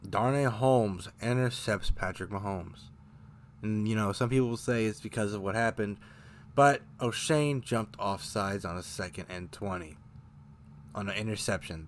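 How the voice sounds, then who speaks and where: A man's voice: lowish voice, a little hiss or hum. A man hosting a casual fan recap of a football game, rambling and correcting himself as he goes, getting heated over bad plays. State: choking up, briefly coughing. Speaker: fan show host.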